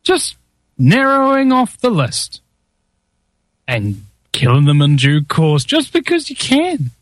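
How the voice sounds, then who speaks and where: A man's voice: on the high side, wildly swooping pitch, takes it slowly, no room sound, studio quality. A man with a New Zealand accent hosting a talk show, joking and sarcastic in casual chat. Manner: jokey, sarcastic, often laughing.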